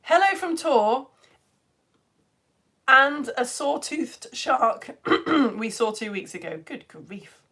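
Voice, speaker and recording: A woman science teacher on a live stream, chatting warmly and laughing as she greets viewers by name and reads their comments. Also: high voice, animated, slow pace, slightly rough. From United Kingdom. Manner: bubbly, chatty, laughs often, rambling. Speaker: online science teacher for home educators.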